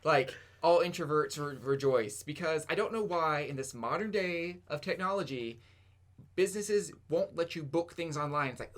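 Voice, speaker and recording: A man's voice: on the high side, normal speed. A man co-hosting a podcast, making wry, sarcastic jokes in a casual chat. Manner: wry, joking, sarcastic asides. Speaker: podcast co-host.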